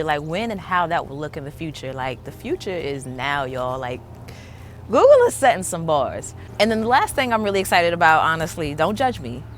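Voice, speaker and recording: A woman hosting a casual tech vlog, chatty and excited, often saying "like". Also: lowish voice, slight background noise. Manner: chatty, enthusiastic, lots of "like" fillers. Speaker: tech vlogger.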